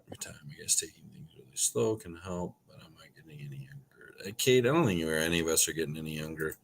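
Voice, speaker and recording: A man's voice: a bass voice, fast talker, creaky, slight background noise. A man hosting a casual livestream, reading viewer comments aloud, joking and swearing casually as he reminisces. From Wisconsin. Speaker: livestream host reading chat. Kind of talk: casual live chat.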